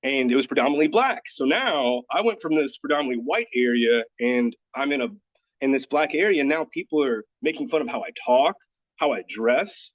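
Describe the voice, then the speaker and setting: Male podcast guest from Dallas, mid-pitched, earnest storyteller, casual and candid, dull audio. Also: expressive, brisk. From Dallas, Texas. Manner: earnest, candid, filler-heavy with frequent "like". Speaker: podcast guest, yoga teacher. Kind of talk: personal storytelling in casual chat.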